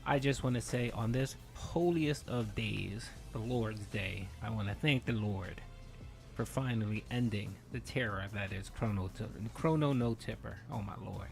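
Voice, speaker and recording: A man with a gravelly, low voice gives a mock-solemn, sarcastic recap. He sounds preachy as a joke. Faint music sits under his voice. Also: moderate pace.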